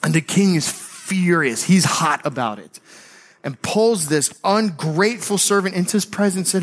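A male pastor delivers a sermon in a relaxed, conversational way, breaking into lively storytelling and slangy asides. His voice sits a little high for a man. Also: normal speed.

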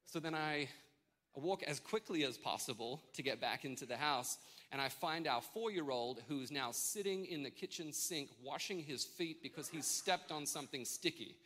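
A man in his thirties, a pastor preaching a sermon, telling a self-mocking family story in an animated way. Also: fairly high pitch, moderate pace. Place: church service with congregation.

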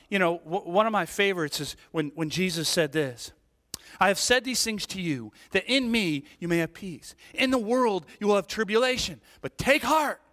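A middle-aged man preaching a sermon, telling stories with playful asides and checking in with the congregation. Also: sits high. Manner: animated storytelling, playful asides, rhetorical "right?". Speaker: pastor. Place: church sanctuary. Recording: long reverb of a large hall.

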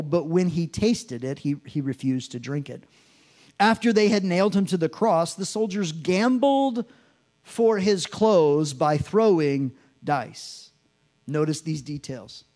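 A pastor preaches a sermon, reading scripture aloud and dramatically acting out mocking voices. His voice sits high with a darkish tone.

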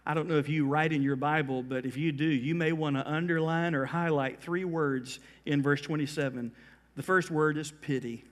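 A middle-aged male pastor with a notably high-pitched voice delivers a sermon. He builds intensity through repetition and drops his pace to weigh single words. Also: steady tone. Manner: emphatic preaching that swells in volume on repeated phrases; slows down to stress key words.

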